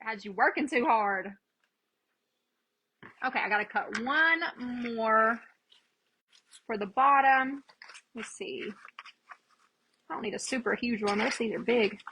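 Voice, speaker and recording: A woman hosts a live crafting demo, chatting freely and greeting viewers by name as she works. Her voice sits a little high and rings bright and forceful. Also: unhurried, pauses often, a little hiss or hum, rough recording. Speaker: craft livestream host.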